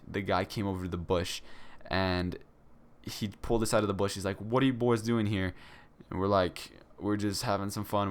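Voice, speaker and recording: A young man talks straight to his audience in a low, smooth voice. He rambles through a casual story, stacking fillers and restarting his sentences as he goes. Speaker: vlogger.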